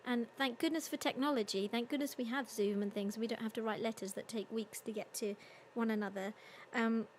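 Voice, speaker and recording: A woman's voice: a little high, steady tone, a little fast, a little hiss or hum. A young woman, a singer hosting a livestream concert, chatting casually and reading out viewer comments with lots of ums and little laughs. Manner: chatty, giggly, with many ums.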